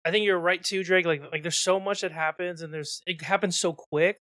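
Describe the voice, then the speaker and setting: A fairly high-voiced man on a podcast, retelling movie moments with lots of energy and quick acted-out bits. The sound is dry and close, with no room around it. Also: dry recording. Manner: animated storyteller, laughs often, acts out scenes. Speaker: podcast co-host. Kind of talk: casual chat reviewing a film.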